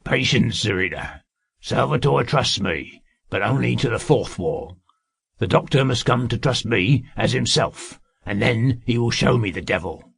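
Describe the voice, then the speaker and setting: A man voicing a sly, greedy male servant who schemes slowly in a husky, gravelly drawl. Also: mid-range voice, lively intonation, no room sound, clean studio sound, heavily acted. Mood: cunning.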